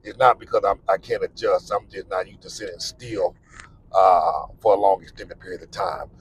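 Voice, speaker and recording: A man's voice: deep voice, fairly even intonation, normal speed, slightly rough, poor audio. A middle-aged man gives candid, repetitive, plain-spoken advice about living abroad while he drives. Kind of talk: casual advice monologue while driving. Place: in a car.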